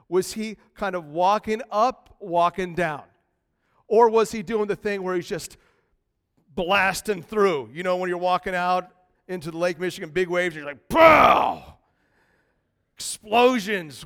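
Man, pastor, lively conversational sermon, high-pitched, long church-hall reverb. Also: measured pace. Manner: lively, conversational preaching with big swings in loudness. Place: church sanctuary.

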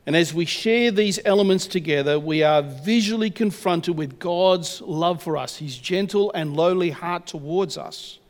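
A man preaching a sermon and leading a communion prayer, earnest and measured, slowing down to stress key words. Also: sits high. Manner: earnest, measured, slows for emphasis. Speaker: pastor. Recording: long reverb of a church hall.

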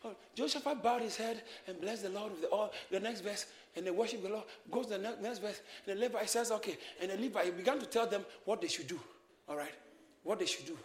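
A man preaching a sermon, shouting and exhorting his congregation in call-and-response. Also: sits high, fast. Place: church hall with congregation. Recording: echoey church hall, crowd behind.

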